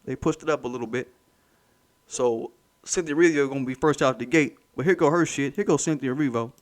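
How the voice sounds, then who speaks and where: A man's voice: mid-range voice, fairly quick. A man hosting his own commentary channel, ranting in a heated, mocking, profane way and repeating points for emphasis.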